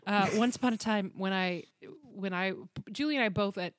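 A woman's voice: medium pitch, normal speed, no room sound, clean studio sound. A young adult woman co-hosting a podcast, chatting casually and telling stories, often slipping into voices and impressions. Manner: animated storyteller, drops into voices and impressions. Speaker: podcast co-host. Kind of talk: casual chat.

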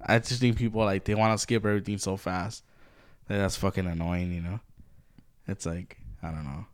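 Casting: smooth-voiced man, low-pitched, blunt podcast co-host who swears nonstop. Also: steady tone, fairly quick. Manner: blunt, heavy swearing, lots of "like". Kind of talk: casual profane podcast chat.

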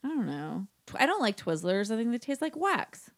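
A woman's voice: on the high side, very animated, fairly quick. A woman co-hosting a podcast, chatting casually and teasing her co-host while telling joking stories. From United States. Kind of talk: casual chat.

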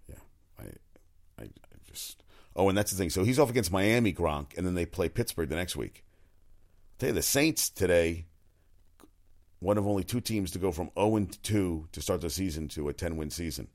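A man's voice: sits low, expressive, moderate pace, long pauses, a little mellow. A man riffing through sports news in a casual, rambling, profane monologue with frequent restarts. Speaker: sports talk commentator.

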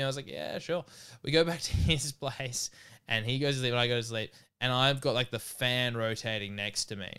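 A man's voice: mid-range voice, unhurried, clean tone. A man, a podcast co-host telling stories in casual chat and laughing often. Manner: animated, laughs through his stories.

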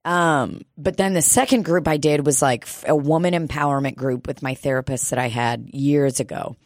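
A woman with a low voice talks in loose, casual conversation. She laughs often and acts out quoted lines as she tells stories. The sound is dry and close to the mic. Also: fairly even intonation, normal speed, no echo. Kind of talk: casual chat.

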